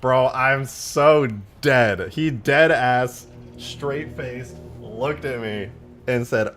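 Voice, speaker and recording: A man's voice: mid-range voice, very slow, a bit bright, faint music behind. A man in his twenties chatting casually on a live stream, rambling and swearing through slangy stories. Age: 20s. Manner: rambling, profane storytelling with slang.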